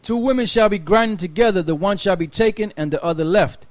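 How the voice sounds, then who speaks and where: A man reading scripture aloud in a steady, measured way during a Bible study. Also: high voice, no room sound. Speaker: scripture reader.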